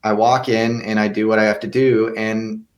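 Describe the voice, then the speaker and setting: A young man gives earnest answers in a casual interview, his voice sitting a little low. He often trips over his first words and starts again before the thought comes out. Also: level tone, moderate pace. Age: young adult. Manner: earnest, with many restarts and stammered repeats. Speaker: guest actor.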